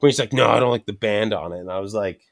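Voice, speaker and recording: Fast-talking, profane man. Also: on the low side, creaky. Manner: profane, rambling anecdotes with quoted dialogue. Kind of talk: casual storytelling chat.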